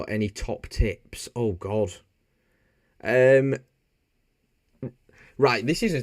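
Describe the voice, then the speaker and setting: A man's voice: mid-range voice, darkish tone, no room sound, studio quality. A man from Bradford with a Yorkshire accent, chatting casually and jokily on a live stream while he reads out viewer comments. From Bradford, England. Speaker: motorbike streamer.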